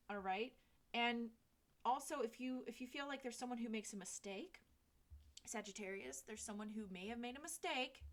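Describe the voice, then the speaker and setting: A woman's voice: mid-range voice, a bit bright. A woman in her thirties giving a casual tarot reading, chatty and candid, swearing freely. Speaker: tarot reader.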